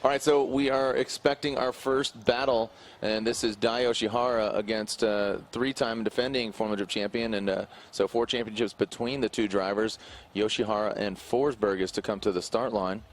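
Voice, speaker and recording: At an outdoor drift event, a man delivers live play-by-play commentary at normal speed over slight background noise. He's energetic, and his pitch climbs as he calls the action.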